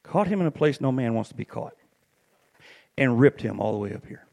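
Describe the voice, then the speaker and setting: A middle-aged man preaching a sermon, telling stories with animated swings up to shouted peaks. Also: medium pitch, brisk, vocal fry.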